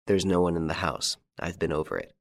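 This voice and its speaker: A man playing a calm, masterful gentleman rescuer, courteous and commanding. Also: low-pitched, a little fast, creaky.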